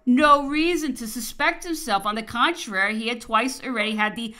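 A woman narrating a historical memoir as an audiobook, reading with expressive, varied emphasis. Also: a little high, normal speed. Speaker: audiobook reader.

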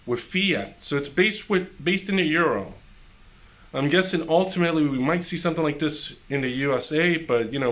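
A man's voice: a little high, fairly bright tone. A man hosting a crypto channel, giving casual, upbeat news commentary and talking straight to his viewers. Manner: upbeat, chatty, addresses viewers directly.

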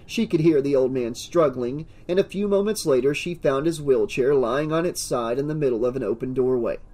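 A man's voice: medium pitch, a little fast, dark tone. Man narrating an audiobook.

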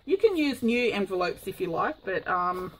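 A woman's voice: mid-range voice, big pitch swings, normal speed, a bit bright, low-quality recording. Chatty woman crafting. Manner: chatty, rambling, frequent ums. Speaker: craft vlogger. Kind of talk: casual crafting tutorial.

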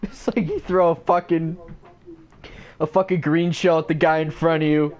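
A man's voice: fairly high pitch, level tone, normal speed, a little mellow. A young man in casual chat, telling a rambling, profane story and breaking into giggles. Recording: noisy home recording.

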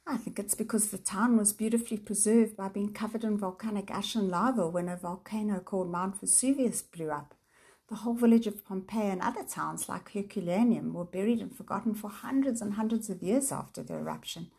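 A woman voicing a gentle, middle-aged mother who explains things patiently, in a storybook reading with a gravelly, husky voice. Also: medium pitch, brisk. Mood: kindly.

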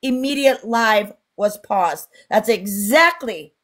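A woman's voice: a little high, expressive, slow, fairly bright tone. Woman reading comments aloud on a livestream. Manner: reads comments aloud, indignant. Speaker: livestream co-host. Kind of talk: casual live-stream chat.

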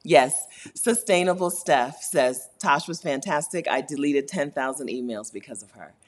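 A woman hosting a casual live stream, reading chat comments aloud, animated and laughing often, repeating her points for emphasis. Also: sits low, normal speed. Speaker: YouTube host answering live chat.

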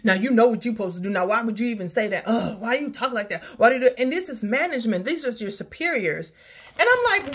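A woman's voice: fairly high pitch, animated, brisk, fairly bright tone, slightly rough. A woman talking candidly in a personal vlog, sighing often as she drifts from work troubles to faith. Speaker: vlogger. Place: outdoors near her home, rain starting.

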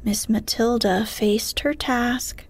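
Hushed, breathy woman reading a bedtime story. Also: a little high, steady tone. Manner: slow, hushed, breathy delivery. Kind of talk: soft whispered sleep-story reading.

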